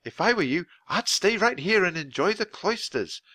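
A man voicing a friendly, grey-haired museum lady in a children's book reading, talking brightly and gushingly. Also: high voice, animated, moderate pace, dry recording, pitched above the performer's own voice, heavily acted.

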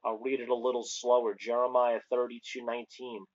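A man preaching on a lo-fi recording that sounds dull and muffled. His voice sits at an ordinary pitch and stays fairly flat, and he moves between casual joking asides and fervent calls of praise. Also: brisk. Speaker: online preacher. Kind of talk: casual preaching with scripture reading.

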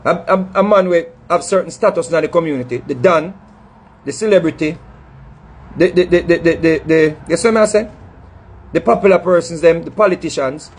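A middle-aged Jamaican dancehall artist addresses his audience in a fired-up, scolding monologue, hammering his points, repeating phrases and tripping over words. His voice sits fairly high and sounds brisk with a slight roughness.

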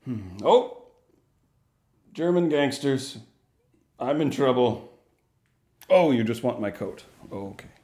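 A man's voice: medium pitch, darkish tone, reverberant, voice pushed down, close to an everyday voice. A man playing a meek, patient lawyer. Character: mild-mannered male lawyer negotiating a prisoner swap.

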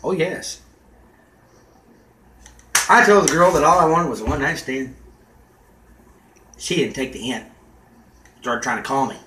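A man with a high, bright voice tells a story as a casual comedy rant. He swears freely and shouts out the lines he quotes. The room sounds echoey, with faint noise behind him. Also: animated, a little fast, long pauses. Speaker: vlogger.

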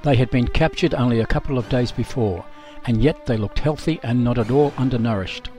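A man's voice: medium pitch, dark tone, faint music behind. Sober male documentary narrator. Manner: measured, sober first-person reading. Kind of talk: scripted narration of a memoir.

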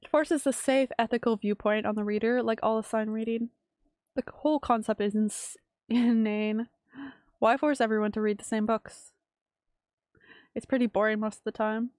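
A woman's voice: on the high side, steady tone, normal speed, a little mellow, dry recording, studio quality, natural voice. A woman reading out an aloof bookish boy.

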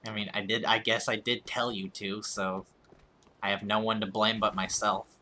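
A man's voice: lowish voice, little pitch movement, moderate pace, pushed and bright, a little hiss or hum. A man with a rural American accent, chatting casually and self-deprecatingly with his audience as he streams a game, often restarting his words. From United States. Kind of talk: casual chat while gaming.

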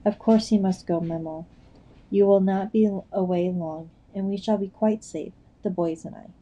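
A woman's voice: mid-range voice, steady tone, normal speed, mellow, highs cut off, natural voice. A woman voicing a brave, solemn teenage girl who speaks reassuringly.

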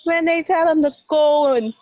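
Bahamian woman teacher, children's storyteller, higher voice, dramatic with sound effects. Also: moderate pace, a little mellow, no echo, dull audio.

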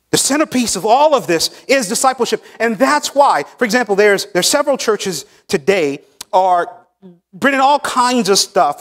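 A man preaching a sermon as pastor, teaching emphatically and pausing on key words, recorded in a church sanctuary. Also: high voice, fairly bright tone. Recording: long church hall reverb.

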